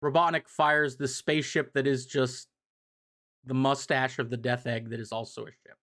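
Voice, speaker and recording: A man's voice: medium pitch, little pitch movement, normal speed, a bit bright. Casual young man recapping comics. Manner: rambling with fillers, mild swearing. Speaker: streamer explaining comics.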